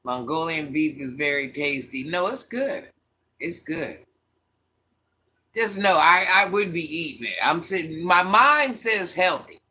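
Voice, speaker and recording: A man's voice: fairly high pitch, animated, a little slow, sharp tone. A man with a mixed country accent chatting playfully on a live stream, answering viewers' comments. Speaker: livestream host reading chat. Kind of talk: casual live-stream chat.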